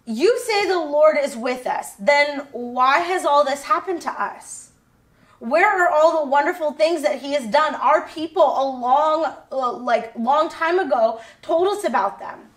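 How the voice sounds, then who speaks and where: A woman's voice: high-pitched, expressive, unhurried, fairly bright tone, recorded from a distance. A woman voicing a nervous, unsure young man in a Bible story for kids, talking in a casual, pleading way. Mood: anxious.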